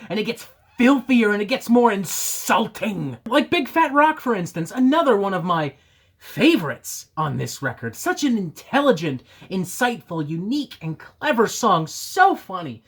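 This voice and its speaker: A woman's voice: mid-range voice, big pitch swings, moderate pace. A woman reviewing an album in a sarcastic, profane rant, mocking the record.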